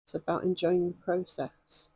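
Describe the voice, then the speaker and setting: A woman with a hoarse voice, chatting and rambling with many ums as she demonstrates stitching in a craft vlog. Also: fairly low pitch, level tone, normal speed, dark tone, dry recording. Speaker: craft vlogger.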